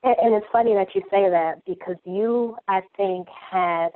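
A woman's voice: mid-range voice, dry recording. Hesitant woman on a tinny line. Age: 30s. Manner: hesitant, many pauses and ums. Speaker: podcast guest. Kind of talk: personal conversation.

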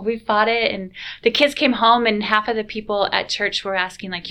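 A woman guest telling a family story in a casual, animated way, acting out quoted lines. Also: medium pitch, moderate pace.

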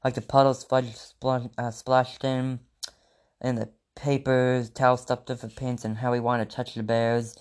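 A man's voice: medium pitch, level tone, measured pace. A man reading a children's book aloud to his class as a teacher, in a plain manner with small restarts.

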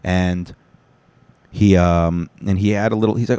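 Man hosting a podcast, low dark voice, rambling and joking, dry sound. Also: steady tone, normal speed, smooth, no room sound. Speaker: podcast host. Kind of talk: casual chat.

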